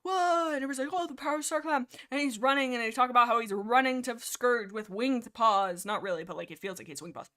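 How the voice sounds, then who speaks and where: A young woman hosting a livestream, chatting excitably about books with lots of fillers and restarts. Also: fairly high pitch, fast talker, few pauses. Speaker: livestream host. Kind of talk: casual rambling book discussion.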